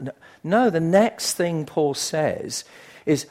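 An older man preaching a sermon in a conversational, emphatic way, swinging from quiet asides to loud bursts. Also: on the high side, expressive, takes it slowly.

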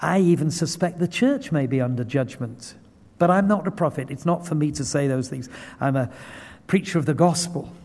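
A man's voice: a little high, normal speed, a little mellow. A man preaching a sermon, earnest and building to impassioned pleading. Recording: long hall reverb.

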